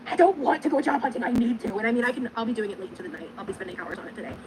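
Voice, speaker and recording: A woman livestreaming, chatting quickly and joking as she excuses herself. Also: a little high, animated, noisy background. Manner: rapid, joking, self-excusing. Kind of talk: casual livestream chat.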